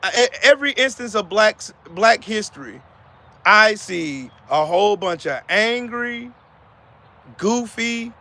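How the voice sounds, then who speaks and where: A man hosts a heated live-stream rant, his voice pitched high with a sharp, bright edge and a gravelly rasp. He swears freely, circles back to repeat his points, and calls out to chat viewers by name. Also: expressive, slow pace. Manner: profane, fired-up, repetitive.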